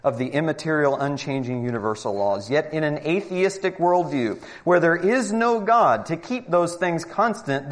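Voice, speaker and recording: A man giving a Christian apologetics talk to a live group, arguing emphatically with rhetorical questions. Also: on the high side.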